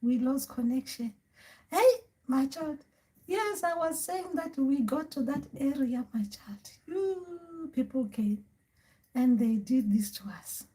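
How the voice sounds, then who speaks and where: A woman doing a sorrowful old grandmother spirit, hushed and half-whispered, slow and halting, a high and gentle voice. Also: expressive, low-quality recording. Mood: mournful.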